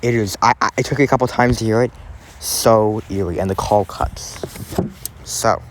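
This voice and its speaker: A man's voice: fairly low pitch, fairly even intonation, moderate pace, background noise. Rambling man talking true crime. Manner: rambling, many fillers and restarts. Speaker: true crime podcast host. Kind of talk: casual true crime chat.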